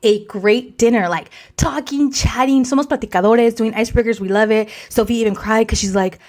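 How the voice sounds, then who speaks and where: A woman in her forties hosting a podcast, telling a story in a rapid, animated way, dropping Spanish words and swearing freely. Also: fairly high pitch. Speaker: podcast host. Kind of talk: casual storytelling.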